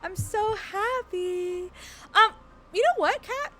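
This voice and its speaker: A woman's voice: very high voice, slow, sharp tone, soft background music. A woman game streamer chatting casually with her viewers in a bubbly, giggly, gushing way.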